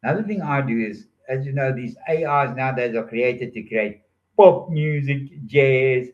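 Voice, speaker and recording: A man's voice: medium pitch, normal speed, a little mellow, dull audio. An older man telling rambling stories in a playful monologue, joking and drifting from one topic to the next. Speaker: storyteller.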